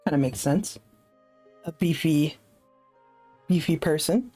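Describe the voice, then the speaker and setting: Woman streamer, lowish voice, unhurried, chatty and self-deprecating, soft music under her. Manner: chatty, self-deprecating, thinks aloud with fillers. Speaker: streamer playing a solo tabletop game. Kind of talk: casual live-stream chat.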